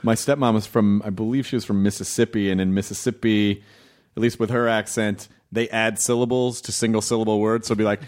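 A man hosting a casual conversation, chatty and animated, laughing often. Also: on the low side, brisk.

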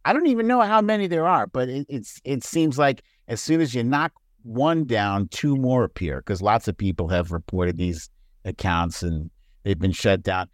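A man talking as a guest on a podcast, telling stories in an animated way and laughing often. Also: medium pitch, normal speed, no echo, studio quality. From United States. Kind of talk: casual chat.

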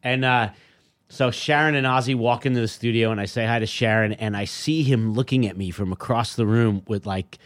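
A man at medium pitch tells a casual, loose story and slips into the voices of the people in it. His delivery is relaxed and conversational, full of filler words. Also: brisk. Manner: loose storyteller, acts out the dialogue in his stories. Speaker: guest musician. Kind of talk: casual anecdote telling.

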